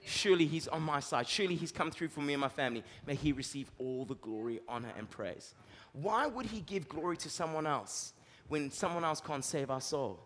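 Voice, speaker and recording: High-voiced preaching man in an echoing hall. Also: slight background noise. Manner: dynamic preaching, rising loud for emphasis and dropping low. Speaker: pastor. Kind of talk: sermon.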